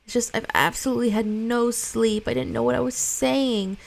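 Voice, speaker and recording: A woman's voice: fairly high pitch, steady tone, normal speed, vocal fry, voice pushed up. A woman reading a worn-out, bitter mother. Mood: weary. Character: exhausted, resentful young mother.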